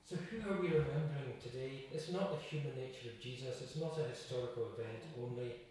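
A man's voice: mid-range voice, fairly quick, darkish tone, a little hiss or hum. Man preaching in an echoey church. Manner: earnest, repeats rhetorical questions. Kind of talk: sermon. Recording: echoey hall, distant mic.

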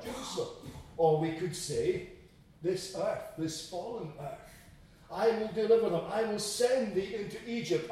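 Male preacher, high voice, emphatic sermon, repeats phrases, echoey hall, distant mic. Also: warm tone, slight background noise. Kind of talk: sermon, expository Bible teaching.

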